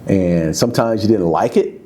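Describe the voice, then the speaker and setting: A man in his fifties, a former football player, telling stories in a candid, casual interview, his voice jumping high when he gets excited. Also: moderate pace, slight background noise. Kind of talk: candid conversational storytelling.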